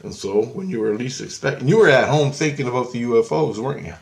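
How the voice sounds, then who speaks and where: A man's voice: medium pitch, expressive, quick pace, gravelly. A man telling a rambling, profane anecdote in a casual, repetitive way. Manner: rambling, profane, repeats himself. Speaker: storyteller. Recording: roomy echo.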